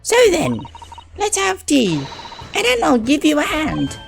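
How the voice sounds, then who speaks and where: A man putting on a bright, eager young girl. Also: very high-pitched, huge pitch swings, takes it slowly, vocal fry, music in the background, voice pushed up, heavily acted. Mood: cheerful. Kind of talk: reading game dialogue aloud on a live stream.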